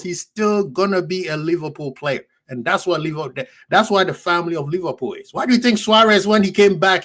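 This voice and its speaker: A man's voice: fairly high pitch, a bit bright. A man hosting a fan reaction stream, passionate and preachy, ranting at rival fans. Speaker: fan channel host.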